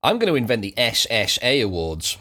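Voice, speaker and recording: Male co-host, mocking banter, expressive pitch. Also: brisk. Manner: mocking, laughing. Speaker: podcast co-host. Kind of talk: casual podcast banter.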